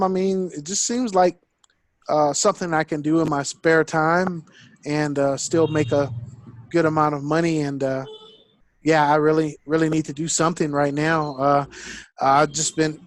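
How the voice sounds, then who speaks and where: A man playing a hesitant male sales prospect in a sales call role-play, talking in a halting, low-key way full of fillers. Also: no echo, natural voice.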